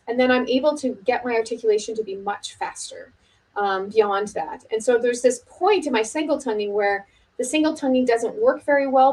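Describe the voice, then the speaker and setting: A middle-aged woman teaching oboe technique in a relaxed video lesson, talking casually with many fillers and restarts. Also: a little high, rough recording.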